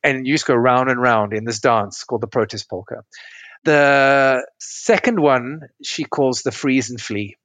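A man's voice: mid-range voice, measured pace, a bit bright, dry recording. A middle-aged man, a relationship coach, explaining couple patterns step by step in an interview over a remote call. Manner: explanatory, tells client stories step by step. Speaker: relationship coach and podcast guest.

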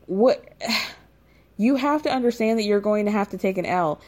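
A woman recapping a reality show in casual commentary, blunt and sarcastic, swearing freely and rising to incredulous highs. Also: animated, normal speed, darkish tone.

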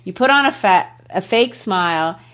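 A middle-aged woman teacher walking through a poem, playful and animated, shifting her pitch for emphasis. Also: moderate pace. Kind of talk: classroom-style poetry lesson.

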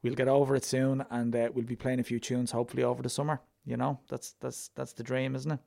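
A young man with an Irish accent and a gravelly, fry-edged voice of middle pitch. He hosts his folk music podcast in a loose, rambling way, full of fillers and joking at his own expense. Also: little pitch movement, fast talker, mellow. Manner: rambling, self-deprecating, lots of fillers. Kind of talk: casual podcast sign-off.

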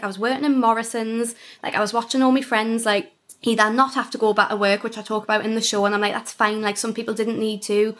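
A woman's voice: a little high, fast talker. A woman, a stand-up comedian telling stories animatedly in a casual interview, peppering her speech with "like". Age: 20s. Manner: chatty, animated storytelling with frequent "like" and laughter.

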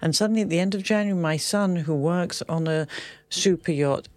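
A woman's voice: lowish voice, brisk, a little mellow, no room sound. A woman in her fifties, chatting as an interview guest, talking openly and emotionally with many restarts and trailing phrases. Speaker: guest, yoga instructor. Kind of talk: casual conversational chat.

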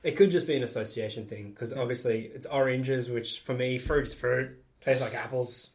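A man co-hosting a casual podcast, talking in an animated, joking way. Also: mid-range voice, normal speed, slight background noise. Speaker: podcast co-host. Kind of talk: casual chat.

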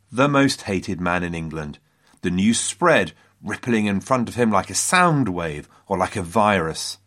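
Lively low-voiced male history storyteller. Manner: lively, wry asides to listeners. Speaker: history podcast host.

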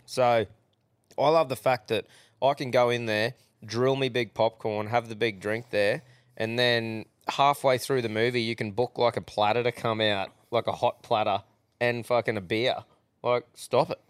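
Laid-back swearing Australian podcast host. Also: male voice, mid-range voice, fairly even intonation, normal speed, clear, resonant tone, no echo. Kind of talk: casual chat.

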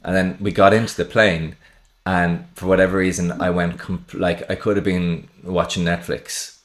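Deep-voiced man telling a rambling story. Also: flat delivery, normal speed, echoey room. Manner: rambling storyteller, laughs at his own jokes. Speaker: podcast host. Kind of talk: casual interview chat.

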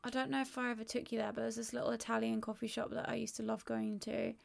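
A woman's voice: on the high side, monotone, fast talker, vocal fry. A woman in her thirties talking candidly and rambling in a casual conversation, swearing freely. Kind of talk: casual conversation about grief.

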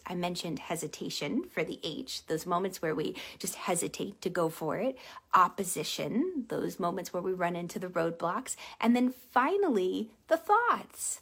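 A woman hosting a casual motivational livestream, telling stories animatedly and dropping to a soft hush on key points. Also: mid-range voice, slightly rough. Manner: animated storytelling with acted-out quotes. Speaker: live stream host, empath coach.

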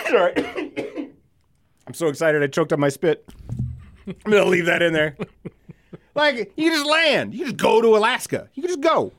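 A man chatting on a podcast with a lively, swooping delivery and a dry, close sound. He rambles freely, swears often and laughs at his own stories. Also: high voice, normal speed, pauses often, dry recording. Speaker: podcast co-host. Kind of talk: casual chat.

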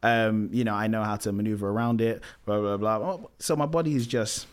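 A young man talks through his working routine in a relaxed interview. His voice sits fairly low, and he repeats himself and leans on easy fillers as he goes. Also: brisk, clear, resonant tone. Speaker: guest, musical theatre actor. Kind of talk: casual interview chat.

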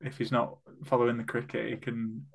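A man's voice: mid-range voice, level tone, brisk, gravelly. A man hosting a casual football podcast, chatty and full of ums as he steers the segment. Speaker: podcast host. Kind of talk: casual chat.

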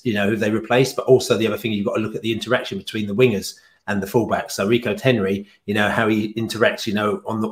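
A man, a football fan podcaster, chatting casually on a podcast in a rambling way with lots of fillers. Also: fairly low pitch. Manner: chatty and rambling, with frequent fillers and quick laughs.

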